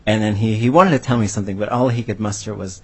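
A man with a husky, somewhat low voice answers on a panel. He speaks as a language educator and tells his story earnestly and from the heart. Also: fairly even intonation, fast, a little mellow.

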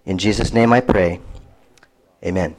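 A man, a pastor, leading an opening invocation prayer in a solemn, unhurried cadence. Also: sits low, rough recording.

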